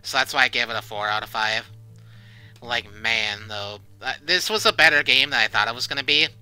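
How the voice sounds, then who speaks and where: Young guy doing horror let's play commentary, really bright clear voice, panicky and sweary then rambly. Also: mid-range voice, fairly quick, soft background music, poor audio. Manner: panicky shouting and swearing while playing, then casual rambling review. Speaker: gaming channel host.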